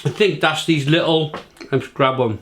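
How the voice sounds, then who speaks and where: A man's voice: on the high side, normal speed, fairly bright tone. A British man in his thirties chatting casually to camera as a food reviewer, repeating himself and talking while he eats.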